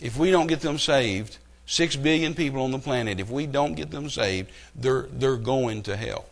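A middle-aged man preaching a sermon, telling stories and building to loud, emphatic outbursts. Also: medium pitch, moderate pace, creaky. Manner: animated storytelling with rising outbursts.

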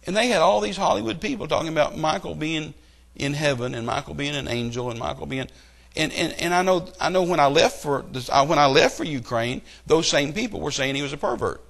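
A middle-aged man preaching a sermon, telling stories and building to loud, emphatic outbursts. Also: fairly high pitch, fairly quick, vocal fry, few pauses. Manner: animated storytelling with rising outbursts.

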